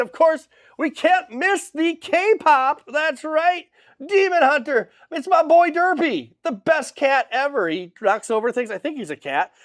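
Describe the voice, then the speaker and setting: Upbeat hobby-shop man with lively pitch. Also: no echo, clean studio sound. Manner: upbeat and hype-driven, with goofy joking asides. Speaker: hobby shop owner hosting a live product showcase. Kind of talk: casual livestream product rundown. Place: small-town card and hobby shop. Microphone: camera mic, facing a monitor.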